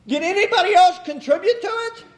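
A man's voice: very high-pitched, brisk, roomy sound, rough recording. A man preaching a folksy, rambling sermon, chuckling and acting out quotes as he goes.

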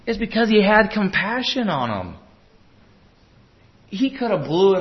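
A man preaching a sermon, earnest, moving between loud urging and hushed tender lines. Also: sits high, very animated, unhurried, long pauses, lo-fi sound.

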